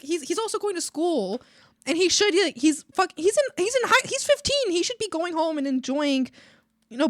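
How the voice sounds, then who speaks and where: A young woman streamer venting to her chat in a casual, profane, animated rant, mocking other people's voices as she goes. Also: high-pitched, no echo, clean studio sound. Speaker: art streamer. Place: home streaming setup.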